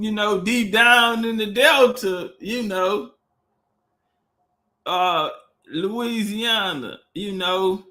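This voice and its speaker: Livestream guy, high bright voice, loose and profane, keeps repeating words. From Texas. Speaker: livestream host. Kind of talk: casual livestream talk.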